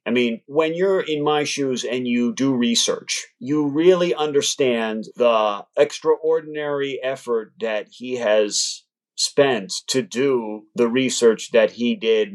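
A man, an author who studied law, giving thoughtful, measured answers as an interview guest. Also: medium pitch. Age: adult, past law school.

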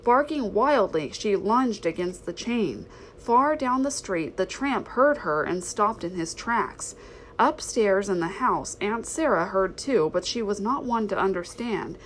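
A woman reading a children's storybook aloud in an expressive, steady narration. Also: medium pitch, a little slow, slight background noise, low-quality recording. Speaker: reader.

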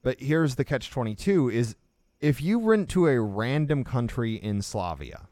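A man's voice: mid-range voice, big pitch swings, unhurried, mellow, dry recording. A man co-hosting a casual discussion, explaining his points in an emphatic, lecturing way. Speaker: podcast co-host.

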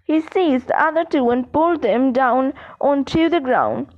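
Slow, high-voiced woman reading a story. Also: muffled recording. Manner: measured, steady, with small slips. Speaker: audiobook narrator. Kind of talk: audiobook reading.

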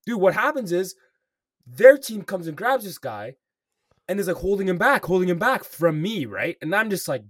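A man's voice: sits high, very animated, moderate pace, a bit bright, no echo, clean studio sound, distant mic. Rambling young man, slangy and profane. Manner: swears a lot, says "bro" and "like" constantly. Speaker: podcast co-host. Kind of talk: casual storytelling chat.

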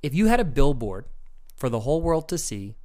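A man's voice: mid-range voice, very animated, fairly quick, mellow. A man hosting a casual faith podcast. He talks with rambling enthusiasm and keeps encouraging his guest. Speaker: podcast host.

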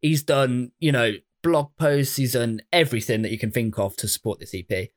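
An English man co-hosting a podcast, talking in a loose, excited ramble full of ums and swearing. His voice sits at an ordinary middle pitch for a man. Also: normal speed. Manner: enthusiastic, sweary, rambling with fillers. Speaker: podcast co-host. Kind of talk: casual chat.

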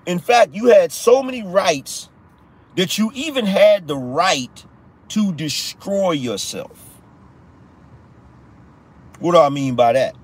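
A man's voice: high voice, expressive, slow pace, long pauses, husky. A man hosting a live political commentary show, talking in a slangy, repetitive style and teasing his audience. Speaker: podcast host.

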